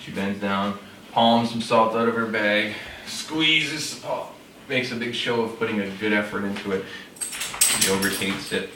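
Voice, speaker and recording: With a lowish voice and a sharp tone, a man tells a fable a little slowly and casually. He's a storyteller showing a classroom technique, speaking in an unpolished way with fillers and self-corrections. A distant mic gives roomy sound with faint noise.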